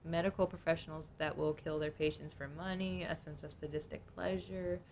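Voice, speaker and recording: A woman's voice: deep voice, fairly even intonation, fairly quick, darkish tone, a little hiss or hum. A young adult woman co-hosting a podcast in casual chat, reading notes aloud in a chatty, informal way. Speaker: podcast co-host.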